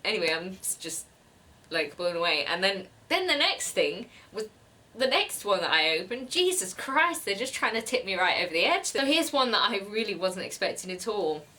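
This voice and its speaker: A young woman book vlogger chats casually, giggling and gushing over her gifts. Her medium-pitched voice is very animated, bright, and forceful, at a moderate pace.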